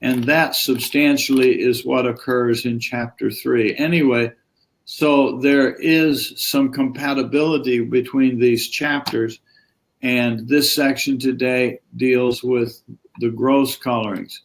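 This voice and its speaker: A man with a gravelly, creaky voice teaches a yoga lesson on a live stream. He talks in a loose, rambling, conversational way and keeps breaking off to chat with viewers. His pitch sits in the middle range. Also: steady tone, slow.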